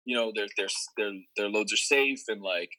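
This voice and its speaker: A man recounts a story from his past in easygoing conversation. His voice is very bright and cutting, and he wanders through fillers, restarts and casual profanity as he goes. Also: fairly low pitch, moderate pace, low-quality recording. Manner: rambling, profane, lots of fillers.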